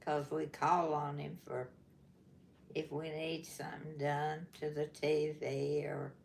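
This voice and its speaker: A woman's voice: low voice, flat delivery, takes it slowly, gravelly, a little mellow, slight background noise. A woman of about a hundred, chatting on a family livestream with dry, teasing short replies. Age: 100. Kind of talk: casual chat.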